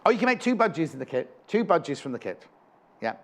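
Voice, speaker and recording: Man, higher voice, shopping channel host, chatty, enthusiastic, rambling. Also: very animated, fast. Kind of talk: live TV sales presentation.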